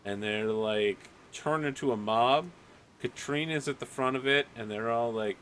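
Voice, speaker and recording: A man's voice: mid-range voice, measured pace, smooth. A young man casually narrating a tabletop game as game master. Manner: casual, relaxed narration with filler words.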